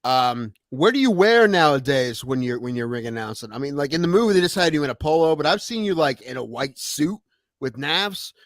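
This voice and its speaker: Lively-voiced podcast host asking questions. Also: male voice, fairly high pitch, brisk, no echo, clean studio sound. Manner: relaxed, curious questions. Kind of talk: casual interview chat.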